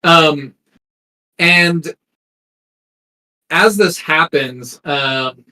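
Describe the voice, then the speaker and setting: A man's voice: fairly high pitch, very slow, sharp tone, low-quality recording. A man narrating a tabletop game as game master, hesitant and full of ums and restarts.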